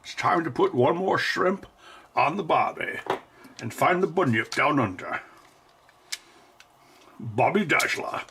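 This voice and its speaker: A man's voice: fairly high pitch, animated, slow pace, pauses often, bright, forceful tone, slight background noise, heavily acted. A man putting on a jokey Australian accent as a cheerful bloke. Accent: put-on Australian.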